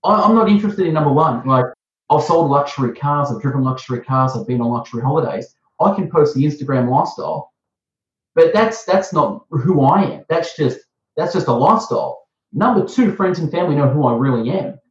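A man with an Australian accent hosting a casual interview, talking with rambling enthusiasm and pitching up for emphasis. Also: animated, fairly quick. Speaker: host. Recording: echoey, muffled sound.

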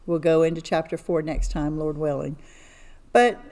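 A woman's voice: low-pitched, steady tone, normal speed, darkish tone. An older woman co-hosting a casual Bible study chat, earnest and talkative. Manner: chatty, earnest, talks a lot.

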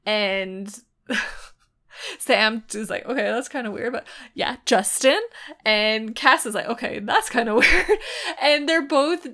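A woman's voice: a little high, slow pace, pushed and bright. Enthusiastic woman retelling a scene. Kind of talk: casual chat recapping a TV episode.

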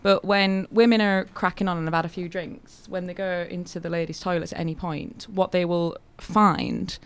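Brief: woman comedian, smooth and fairly low, chatty radio guest spinning anecdotes. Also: fairly even intonation, normal speed. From Hull, England. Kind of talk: casual radio chat, storytelling.

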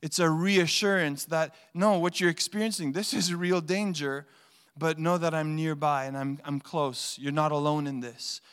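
A man's voice: a little high, normal speed, smooth. A man preaching a sermon as a pastor, talking conversationally and acting out quoted voices with feeling. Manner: conversational preaching, animated quoting. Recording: long hall reverb.

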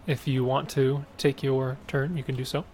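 Man as game master, steady rules-explaining delivery, mid pitch. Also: moderate pace, slight background noise. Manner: matter-of-fact, explains rules. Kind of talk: narrating a tabletop game.

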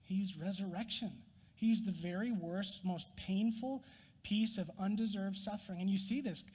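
A man preaching a sermon as a pastor, earnest, rising to emphatic peaks and dropping to quiet. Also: sits high, normal speed, husky, in a large hall. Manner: earnest, rises in emphasis then drops quiet.

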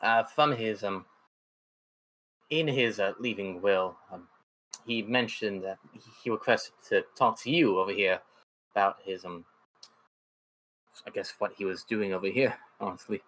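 A man playing in a tabletop game, talking in a hesitant, halting way. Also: on the low side, fairly bright tone, slight background noise, rough recording. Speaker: player. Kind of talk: casual in-character play.

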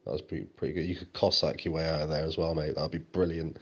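Very deep, deadpan co-host with a slightly muffled sound. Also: male voice, quick pace, breathy edge. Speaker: podcast co-host. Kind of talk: comedic banter.

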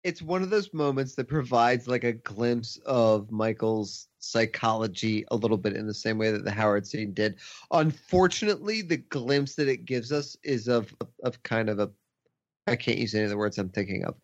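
A man's voice: mid-range voice, moderate pace. A man co-hosting a podcast, talking about a film with dry, sarcastic asides. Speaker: podcast co-host. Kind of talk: casual film discussion. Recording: dull lo-fi audio.

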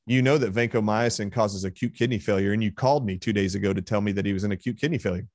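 A man's voice: on the low side, fast, a little mellow, no room sound, studio quality. A man being interviewed as a guest, retelling a heated exchange with force and emphasis. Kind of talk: interview storytelling.

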